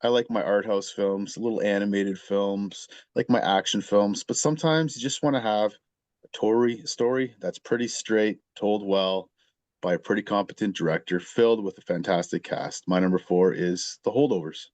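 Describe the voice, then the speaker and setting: Man, lowish voice, dry close sound, punchy opinionated film talk. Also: moderate pace, darkish tone, no room sound. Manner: emphatic, opinionated. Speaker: podcast guest critic. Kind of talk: casual movie discussion.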